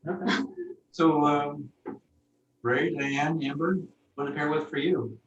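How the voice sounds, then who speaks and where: A man hosting a casual wine tasting as sommelier, talking with many quick restarts. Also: on the high side, distant mic, a little hiss or hum. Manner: animated, stammering restarts. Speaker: sommelier host. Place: home, remote group call. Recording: dull, roomy audio from off-mic.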